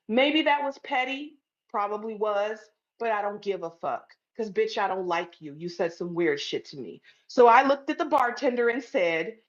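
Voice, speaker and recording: A woman's voice: mid-range voice, animated, moderate pace, hardly any pauses. A woman telling a story to camera in a blunt, profane, emphatic way. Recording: dull lo-fi sound.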